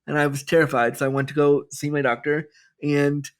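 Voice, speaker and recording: Male, 30s, podcast guest; candid, animated storyteller, higher-pitched voice. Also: a little fast. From Canada.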